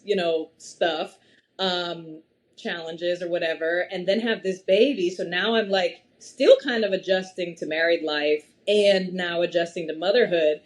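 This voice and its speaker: Animated young woman guest, laughing often. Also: mid-range voice. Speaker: podcast guest. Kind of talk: casual conversation.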